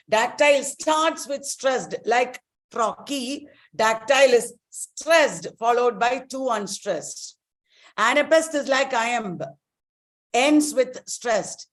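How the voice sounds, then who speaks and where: A middle-aged woman runs an exam-prep lecture in a slightly high voice. She is emphatic and repeats key terms slowly so they stick. Her tone is that of a teacher drilling a class.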